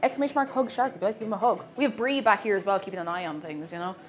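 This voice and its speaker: A woman's voice: mid-range voice, steady tone, very fast, soft background music. A woman chatting playfully with viewers as a streamer while she bakes on a live stream. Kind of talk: casual chat while baking on a live stream.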